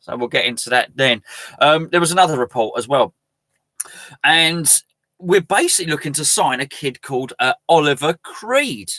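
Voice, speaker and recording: Guy rambling on a live fan stream, bright voice, kinda high, dry close sound. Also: lively intonation, normal speed, dry recording. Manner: chatty, rambling, self-mocking. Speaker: fan channel host. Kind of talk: casual live-stream chat.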